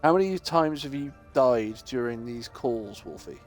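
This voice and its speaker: Animated joking male streamer. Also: mid-range voice, a little slow, soft background music. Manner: animated storyteller, mimics voices, joking. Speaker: gaming streamer. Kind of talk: casual chat while playing.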